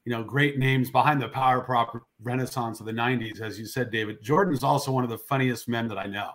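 A man's voice: medium pitch, fast talker, a bit bright. A man acting as guest host in a casual chat, friendly, with stammered restarts.

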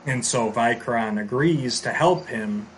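A man's voice: medium pitch, unhurried, a little hiss or hum, rough recording. Rambling man recapping a story. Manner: rambling, many fillers and restarts.

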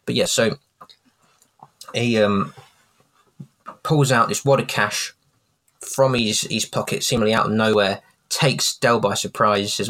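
A young man talks casually on a podcast in a lowish voice. He walks through scenes from a show and acts out the characters' lines as he goes. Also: fairly even intonation, a little slow, long pauses, fairly bright tone. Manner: retells scenes, quoting the lines. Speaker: podcast co-host. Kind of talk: casual chat.

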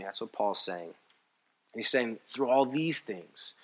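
A man preaching a sermon in a church, swinging between hushed and loud, passionate delivery with repeated emphatic phrases. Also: medium pitch. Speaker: pastor.

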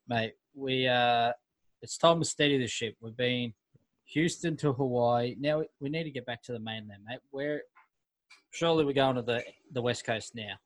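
A man's voice: mid-range voice, moderate pace, no echo, rough recording. A man hosting a podcast in casual, brash banter, swearing freely. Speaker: podcast host.

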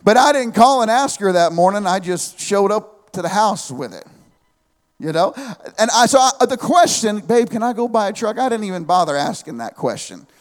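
A man in his thirties preaching a sermon with an animated delivery, humorous asides and calls of amen. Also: high voice, normal speed, big-room sound.

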